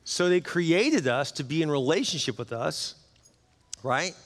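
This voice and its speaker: A man's voice: on the high side, lively intonation, unhurried. A middle-aged man preaching a sermon as a pastor, earnest and urging his congregation to act. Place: large church auditorium. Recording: hall reverb in a big church.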